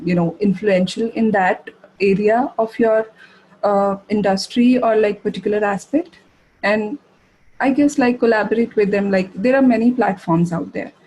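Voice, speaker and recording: A woman giving a masterclass, answering audience questions in a halting way, with many fillers and restarts. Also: mid-range voice, a little mellow, husky, low-quality recording. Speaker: masterclass speaker. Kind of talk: live webinar Q&A answers.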